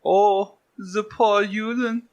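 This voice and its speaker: A man putting on a creepy, high-pitched German accent in mock pity. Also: fairly even intonation, takes it slowly, darkish tone.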